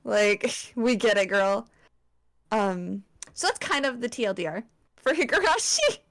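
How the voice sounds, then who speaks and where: A woman's voice: a little high, lively intonation, unhurried, a bit bright. A young woman presenting a slideshow to friends in casual chat, swearing often and filling with likes and ums. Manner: chatty, swears, lots of fillers.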